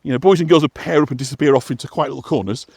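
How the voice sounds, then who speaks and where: His voice is a little high but gravelly and darkish, with a breathy edge, and he races along as he walks an outdoor path. This West Yorkshire walking guide and vlog host explains things casually, full of fillers and restarts, in a dry recording.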